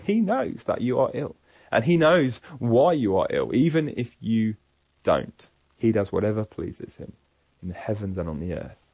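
A man giving a sermon-style Bible teaching in an earnest, measured, reflective way. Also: lowish voice, very animated, dark tone, husky, no echo, highs cut off. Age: adult parent. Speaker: preacher.

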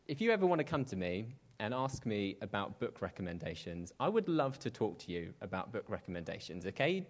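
Man, preacher, sermon, conversational, self-deprecating asides, mid pitch.

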